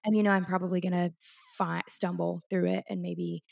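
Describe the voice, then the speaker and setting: A woman's voice: lowish voice, level tone, brisk, gravelly, a little mellow. A woman co-hosting a casual podcast chat, reflective and thinking aloud with frequent restarts. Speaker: podcast co-host.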